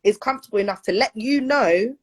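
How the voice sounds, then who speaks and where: A woman's voice: fairly high pitch, fairly quick, slightly rough. Frank woman telling stories. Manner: frank, storytelling. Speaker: peer educator. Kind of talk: casual discussion.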